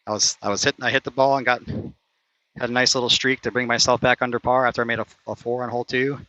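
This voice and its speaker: Guy narrating his own mini golf round outside, bright edgy voice, kinda muffled lo-fi stream audio, gets worked up over missed putts. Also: mid-range voice, flat delivery, fast, no room sound. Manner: competitive, frustrated, swearing after bad shots. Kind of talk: casual play-by-play while playing. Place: outdoor mini golf course.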